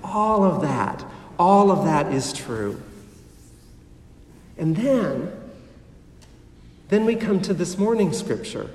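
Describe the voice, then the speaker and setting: A man preaches in a sanctuary, unhurried and deliberate, with pauses that let each phrase land. His voice sits a little high for a man. It carries through a long reverb and sounds picked up from far off across the room. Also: darkish tone. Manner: slow, measured preaching with dramatic pauses. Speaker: pastor. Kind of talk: sermon. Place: church sanctuary. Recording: echoey hall heard from a distance.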